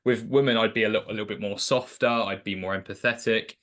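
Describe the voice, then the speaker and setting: Low-voiced man chatting casually. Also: fairly even intonation, fast, fairly bright tone. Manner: loose, chatty, many "like" fillers. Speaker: sales coach guest. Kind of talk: casual conversational storytelling.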